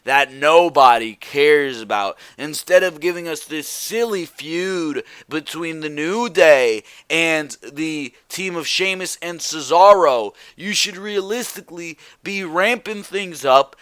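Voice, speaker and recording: Male reviewer, exasperated rant, clear resonant tone, higher register. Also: animated, slow, hardly any pauses, fairly bright tone, dry recording. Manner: exasperated, repetitive rhetorical questions. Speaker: wrestling show reviewer. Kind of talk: ranting solo review.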